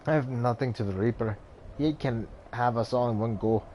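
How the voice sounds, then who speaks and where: A man's voice: mid-range voice, moderate pace, dark tone, a little hiss or hum, close to an everyday voice. A man voicing a mystic male warrior-turned-merchant in a put-on Indian accent, solemn and riddling, reading game dialogue over music. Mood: cryptic.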